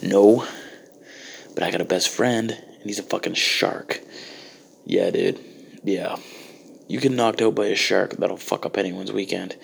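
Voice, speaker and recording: A man's voice: fairly low pitch, creaky, slight background noise. A man delivering a profane, exasperated comedic rant. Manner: ranting, exasperated, heavy swearing.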